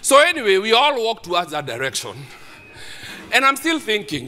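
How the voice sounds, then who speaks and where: A man preaching a sermon, telling a story with animated delivery and acting out what people said. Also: sits high, moderate pace, slight background noise. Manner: animated, acts out others' lines. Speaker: pastor. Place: church hall. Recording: reverberant hall.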